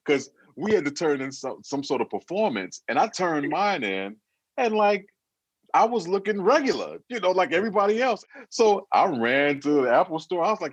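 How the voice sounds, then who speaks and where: A man's voice: fairly high pitch, sing-song, normal speed, no echo. A man who is a guest in a casual interview, joking, telling stories, imitating voices and laughing often. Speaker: guest singer.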